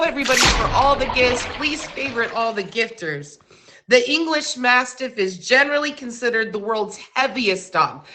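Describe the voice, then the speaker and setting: A woman running a casual trivia quiz on a live stream, posing questions and reading out facts in a chatty way. Her voice is bright and clear and sits a little high, and she takes her time with an unhurried delivery. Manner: chatty, asks quiz questions and reads facts with small slips.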